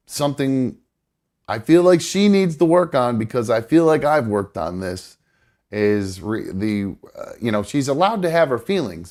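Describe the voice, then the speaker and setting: A man hosting a live show from a studio, telling a rambling personal story in casual chat. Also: fairly low pitch. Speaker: podcast host.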